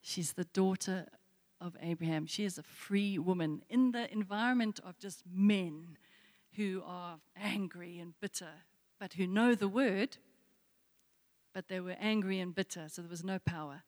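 A woman's voice: mid-range voice, unhurried, darkish tone. Woman preaching in a reverberant hall. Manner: storytelling with repeated rhetorical questions. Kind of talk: sermon.

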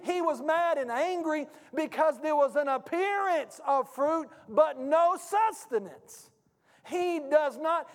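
A man preaching a sermon as pastor, with a call-and-response delivery that swings from hushed to shouting. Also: very high voice. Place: church sanctuary. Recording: long hall reverb.

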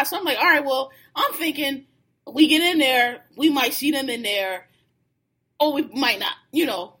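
Animated high-voiced New woman storyteller. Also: normal speed. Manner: animated, laughing, acts out quoted lines. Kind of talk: casual storytelling chat.

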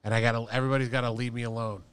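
A man speaking casually as a podcast guest in an ordinary mid-range voice. He talks haltingly, restarting his sentences and filling pauses as he goes. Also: mid-range voice, level tone, a bit bright, clean tone, dry recording. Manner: halting, with many restarts and fillers. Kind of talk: casual chat.

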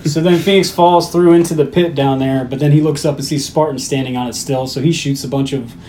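A man's voice: fairly high pitch, steady tone, brisk, dark tone, slight background noise. A man co-hosting a podcast, casually recapping a movie's plot and swearing now and then. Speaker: podcast co-host.

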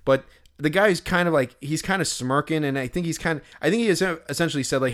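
A man's voice: on the high side, fast talker, a bit bright. A man co-hosting a podcast, telling a story in casual chat, rambling with many fillers and restarts. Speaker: podcast co-host.

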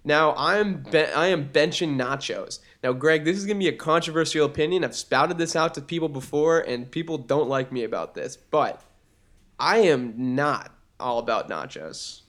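A young man with a faint Boston accent co-hosts a podcast in casual chat. He rambles and piles on fillers, and his voice sits slightly higher than most men's. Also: normal speed. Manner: animated, rambling, lots of fillers. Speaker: podcast co-host.

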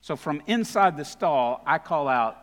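A man's voice: on the high side, expressive, unhurried, a bit bright, big-room sound. A man giving a guest sermon at a live church service, telling funny, self-deprecating stories in a conversational way. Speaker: guest speaker. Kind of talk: humorous storytelling sermon.

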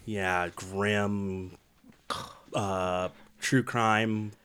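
Low-voiced American man, jokey banter. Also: level tone, extremely slow, fairly bright tone, smooth. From United States. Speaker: podcast co-host. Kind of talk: casual chat.

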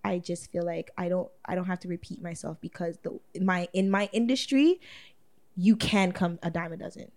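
A woman's voice: fairly low pitch, moderate pace, a little mellow. A woman, a guest in a casual chat, talking bluntly with lots of swearing and frequent laughter. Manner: blunt, profane, laughs often.

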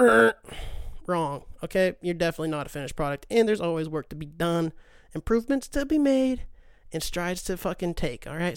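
High-sitting and darkish in tone, this host's voice carries vocal fry, recorded at studio quality with no echo. He delivers a rambling, profane, self-mocking monologue, saying "dude" over and over.

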